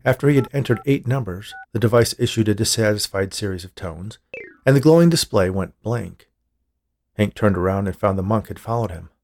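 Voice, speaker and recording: A man narrating a scripted horror story in a measured way. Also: lowish voice, lively intonation, darkish tone.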